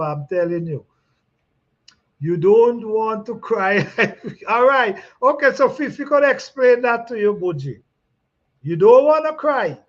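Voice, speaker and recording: A man hosting a gardening chat, reading out comments in a relaxed way, repeating himself and laughing often. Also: high voice. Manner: laid-back, repeats phrases, laughs often. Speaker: gardening channel host. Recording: dull lo-fi sound.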